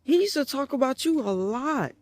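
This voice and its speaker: A man voicing his girlfriend in a story, gushing and exclaiming in a much higher voice. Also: sing-song, normal speed. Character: bubbly young woman, the narrator's girlfriend.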